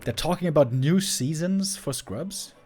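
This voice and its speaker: A man commentating a strategy game match solo, chatty and excitable, laughing often and rambling off-topic. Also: a little high, a little slow, a little hiss or hum. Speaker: esports caster.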